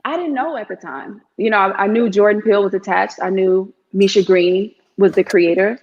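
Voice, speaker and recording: An actress guest in a relaxed interview, telling stories in an animated, talkative way and often checking in with her listener. Her voice sits at an ordinary woman's pitch. The recording is somewhat dull and lo-fi. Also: normal speed. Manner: animated storyteller, frequent "you know what I mean". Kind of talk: casual interview chat. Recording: slightly dull lo-fi audio.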